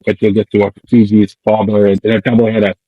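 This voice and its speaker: A man co-hosting a podcast, in casual chat, ranting in an animated, jokey way and swearing now and then. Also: lowish voice, fast, breathy edge, no room sound, phone-quality sound. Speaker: podcast co-host.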